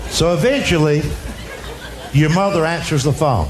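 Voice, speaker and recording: A man's voice: a little high, normal speed, noisy background. A man with a Southern US accent doing folksy stand-up storytelling, drawling his punchlines. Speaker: stand-up comedian. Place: comedy stage before an audience. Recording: roomy live show with loud crowd laughter.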